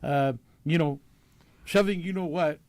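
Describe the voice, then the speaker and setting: Man, talk show host, earnest and questioning, slightly high pitch, dry close sound. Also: unhurried, darkish tone, dry recording. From Canada. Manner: earnest, questioning, full of fillers and restarts. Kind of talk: casual talk show discussion.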